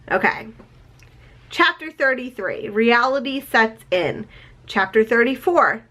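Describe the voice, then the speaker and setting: A woman's voice: mid-range voice, bright, forceful tone. A woman in her forties reviewing a favorite novel in a casual vlog, reading from her chapter notes and gushing emotionally, with the odd swear word. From United States. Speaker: book vlogger.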